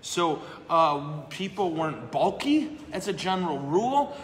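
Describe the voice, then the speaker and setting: A man's voice: fairly high pitch, lively intonation, normal speed, hardly any pauses, crowd noise. A man, a priest, chatting casually and answering questions live, self-deprecating and laughing often. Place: brewery. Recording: echoey room with long reverb.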